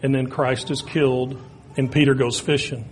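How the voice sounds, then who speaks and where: A man preaching a sermon, retelling stories and building to loud, emphatic peaks. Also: mid-range voice, little pitch movement, moderate pace, a little hiss or hum.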